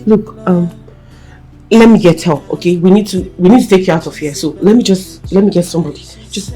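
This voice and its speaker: A woman's voice: fairly low pitch, fairly quick, warm tone, natural voice. A Nigerian woman playing a caretaker who pleads urgently and snaps in anger. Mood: pleading. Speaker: caretaker at a sickbed. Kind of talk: Nollywood film acting. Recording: echoey room with film music.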